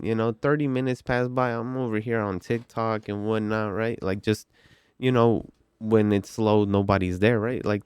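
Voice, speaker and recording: A man's voice: mid-range voice, clear, resonant tone, no echo, studio quality. A man telling a story in a casual, rambling vlog manner, with lots of "like" and "you know".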